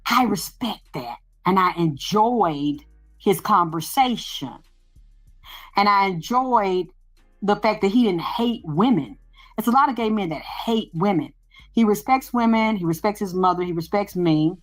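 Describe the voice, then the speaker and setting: A woman's voice: mid-range voice, a little slow, faint music behind, rough recording. A middle-aged woman hosting a casual show, talking bluntly and profanely as she tells a story and acts out both sides of a conversation. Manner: blunt, profane, animated storytelling with quoted exchanges. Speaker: show host. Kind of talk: casual monologue.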